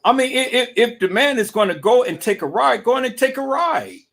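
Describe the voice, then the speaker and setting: A man's voice: very high voice, expressive, fairly quick, vocal fry, a bit bright. A man giving casual livestream commentary, emphatic and repetitive, asking rhetorical questions.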